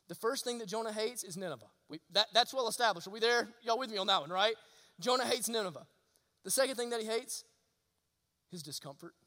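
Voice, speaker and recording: A man preaching a sermon, emphatic and full of rhetorical questions, swinging from loud to hushed. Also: sits high. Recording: long reverb of a large hall.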